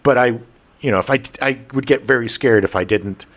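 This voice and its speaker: A middle-aged man co-hosting a podcast, telling stories in casual chat with an expressive, laughing delivery. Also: medium pitch, fairly quick. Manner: animated, expressive, laughing storyteller. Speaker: podcast co-host.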